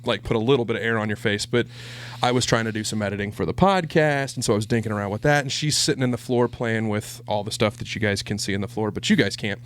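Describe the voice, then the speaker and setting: A man co-hosting a podcast, telling an animated story in casual chat and breaking into shrill impressions of a toddler. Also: clear, resonant tone. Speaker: podcast co-host.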